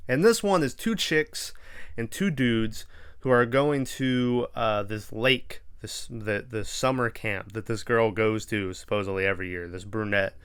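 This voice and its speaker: A man's voice: lowish voice, unhurried, a bit bright, clear, resonant tone. A young man hosting a podcast, casually recapping a horror movie in a rambling, profane way and acting out the characters' lines. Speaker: podcast host.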